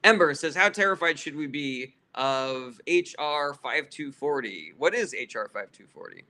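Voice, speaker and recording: Bright-voiced man bluntly answering livestream chat. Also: fairly high pitch, animated, moderate pace. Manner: blunt and profane, with frequent fillers; gets heated and sarcastic with chatters. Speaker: livestream host answering viewer questions. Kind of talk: casual livestream Q&A, reading chat aloud.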